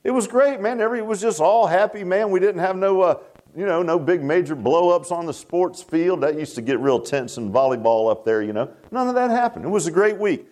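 A man's voice: high voice, animated, fairly quick, darkish tone. A man preaching a sermon as pastor, folksy and rambling with restarts and asides.

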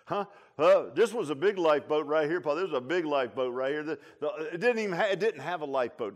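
A man preaching a sermon as pastor, folksy and conversational, swinging between loud emphatic calls and low, quiet asides. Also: lively intonation, quick pace.

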